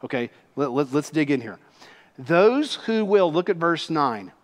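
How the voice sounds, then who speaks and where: A middle-aged man, a pastor preaching a sermon, slowing down on key words and speeding up in asides. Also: a little high, big pitch swings. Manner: emphatic preaching, slows for weight and speeds up in asides. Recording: long hall reverb.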